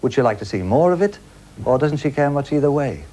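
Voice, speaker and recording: A man's voice: mid-range voice, lively intonation, quick pace, dark tone. A man hosting a studio game show with a jokey, teasing patter and a studio audience.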